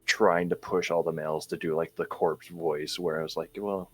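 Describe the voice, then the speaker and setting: A man's voice: a bass voice, monotone, moderate pace, husky, no room sound, faint music behind. A man talking as a podcast guest, plain-spoken and matter-of-fact. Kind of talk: casual podcast chat.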